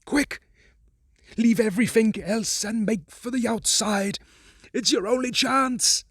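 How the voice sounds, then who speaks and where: A man voicing a terrified man calling up from a crypt, hoarse with fear and frantic as he pleads. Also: extremely high pitch, takes it slowly, fairly bright tone, no echo, clean studio sound, pitched above the performer's own voice, heavily acted. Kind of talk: audiobook character voice.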